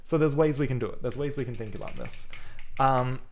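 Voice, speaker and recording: A man of ordinary pitch chats through his programming on a live stream, thinking aloud in a loose, casual way. Keyboard typing can be heard behind him. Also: lively intonation, brisk, slight background noise. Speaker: programming livestreamer. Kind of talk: live coding commentary.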